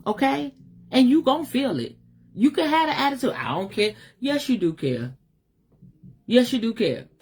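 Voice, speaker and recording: A woman's voice: high-pitched, big pitch swings, moderate pace, pauses often, a little mellow, slightly rough. A middle-aged woman giving a livestream motivational talk as a spiritual teacher, emphatic, slangy and direct.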